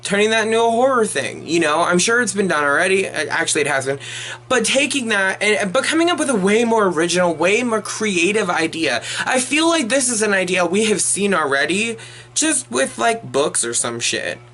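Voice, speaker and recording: A man's voice: high-pitched, sing-song, moderate pace, sharp tone, slight background noise. Exasperated, profane young man ranting. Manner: profane, exasperated, rambling with restarts. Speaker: movie reviewer. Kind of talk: unedited ranting review.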